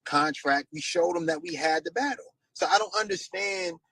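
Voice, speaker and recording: A man's gravelly, husky voice, heard in a dry clip from an interview. He speaks as a guest, explaining at length. His talk is full of fillers and restarts, and his pitch swings widely. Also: lively intonation, moderate pace, pushed and bright, no echo, poor audio.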